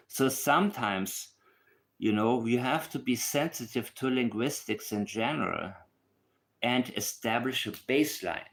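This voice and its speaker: A man's voice: mid-range voice, a bit bright. A man giving casual true crime commentary alone, emphatic and repeating his points for stress.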